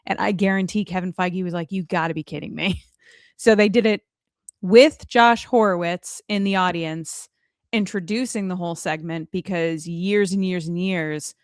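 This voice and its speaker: A woman runs a casual podcast conversation, steering the topics and adding quick asides. Her voice sits on the low side. The sound is dry and close, with no room around it. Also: fairly even intonation, no room sound. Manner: chatty, leads the discussion with asides. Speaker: podcast host.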